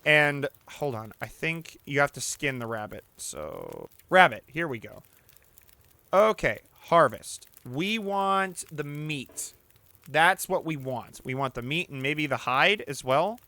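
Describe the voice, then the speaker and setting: Excitable man narrating his gameplay. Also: a little high, takes it slowly, no room sound. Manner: excitable, swears and shouts at misses; talks to the player character and the audience. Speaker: let's play host. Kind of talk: casual gaming commentary.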